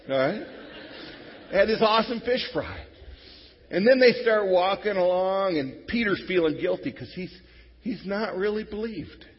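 A male pastor preaching a sermon in a church, telling a story with lively swings from soft to loud. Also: high voice, husky. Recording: reverberant hall, dull lo-fi sound.

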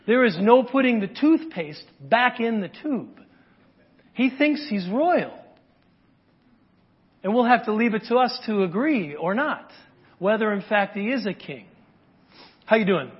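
High-voiced husky male preacher. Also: unhurried, pauses often. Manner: conversational, animated, asks the congregation questions. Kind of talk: sermon. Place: church. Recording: dull lo-fi audio.

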